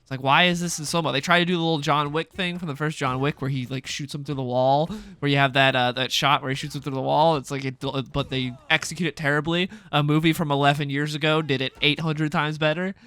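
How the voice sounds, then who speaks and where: A young man delivering a heated solo rant as a video creator. He sounds exasperated and sarcastic and talks in rapid-fire bursts. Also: fairly high pitch, little pitch movement, sharp tone, smooth.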